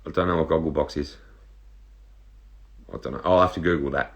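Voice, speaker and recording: An Australian man in his thirties, casually reading viewer questions out loud and answering them in a laid-back, joking way. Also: extremely low pitch, fairly even intonation, a little fast, gravelly. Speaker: reality show contestant answering live viewer questions. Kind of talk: casual live-stream Q&A.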